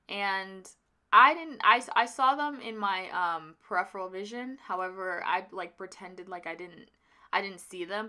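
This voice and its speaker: A woman's voice: medium pitch, pushed and bright. A young woman telling a personal story on her vlog in a casual, rambling way, full of fillers and restarts, emotional and close to tears. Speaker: vlogger.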